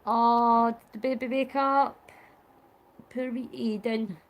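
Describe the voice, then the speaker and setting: A woman's voice: on the high side, steady tone, slow, dull audio. Chatty woman live-streaming. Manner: chatty, affectionate, laughs often. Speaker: vlogger livestreaming a charity cycle. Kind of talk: casual live-stream chat with viewers.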